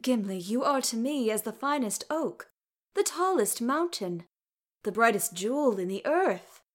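A woman's voice: on the high side, lively intonation, measured pace. A woman voicing an earnest, anxious male elf. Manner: earnest, worried. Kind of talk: fan fiction read aloud.

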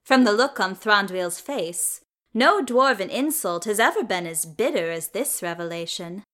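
Woman reading a story aloud, unhurried. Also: medium pitch, lively intonation, a bit bright. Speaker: reader.

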